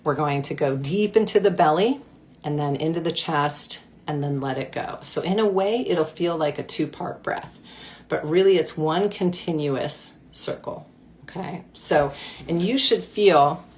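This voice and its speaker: A woman coach guiding a breathwork practice in a gentle, playful way. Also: low-pitched, normal speed, a little hiss or hum. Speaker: mindfulness coach. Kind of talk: guided breathwork instruction.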